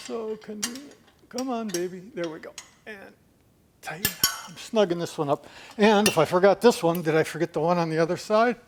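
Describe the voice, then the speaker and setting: A man's voice: high-pitched, a little fast, background noise. A man giving a hands-on repair demonstration in his home gym, chatting and talking to himself as he works. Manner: chatty, talks to himself while working. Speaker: DIY video maker.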